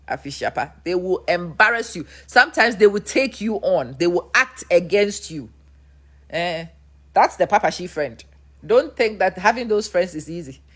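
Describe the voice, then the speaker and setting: A woman with a Ghanaian accent hosting a livestream, emphatic and preachy in her storytelling. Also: on the low side. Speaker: host. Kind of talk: livestream commentary.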